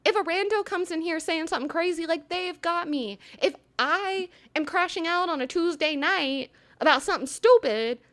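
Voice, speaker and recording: A young woman hosting a live stream, chatting casually and gushing effusively, swinging between loud excitement and soft earnest talk. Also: very high-pitched, moderate pace, few pauses. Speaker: livestream host.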